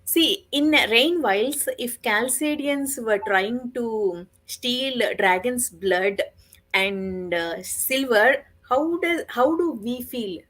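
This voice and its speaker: A woman's voice: a little high, expressive, takes it slowly, fairly bright tone, rough recording. A woman in a casual book discussion who states her opinions emphatically. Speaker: book club member.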